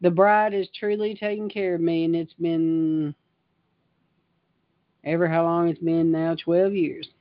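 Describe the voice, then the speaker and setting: A woman's voice: on the low side, little pitch movement, unhurried, pauses often, dry recording, highs cut off. A woman preaching an informal livestream sermon, fervent and emphatic, reading scripture and riffing on it. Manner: fervent and emphatic, reads scripture then riffs on it.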